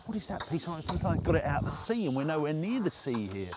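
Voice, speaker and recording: A man's voice: on the high side, sing-song, fast talker, highs cut off, noisy background. A man from the UK talking casually to the camera in a vlog, joking and teasing as he goes. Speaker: business owner vlogging.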